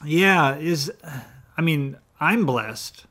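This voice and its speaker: A man joining a casual Bible discussion as co-host, answering in hesitant, halting phrases. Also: fairly high pitch, lively intonation, sharp tone. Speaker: podcast co-host.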